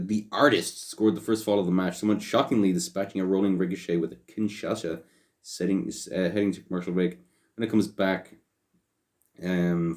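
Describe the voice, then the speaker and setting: A young man co-hosting a podcast, chatting casually and offhand, swearing a lot and trailing off with fillers. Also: low-pitched. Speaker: podcast co-host. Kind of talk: casual chat.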